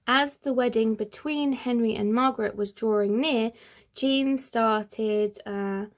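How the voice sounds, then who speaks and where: A woman who hosts a history channel, telling history in a casual, chatty way with playful asides. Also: on the high side. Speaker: history YouTuber.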